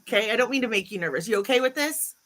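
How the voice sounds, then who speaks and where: A bubbly woman hosting a casual online chat, her voice bright and forceful. She greets viewers by name and talks in a chatty, excited way. Her pitch sits a touch high. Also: very fast. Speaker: YouTube channel host.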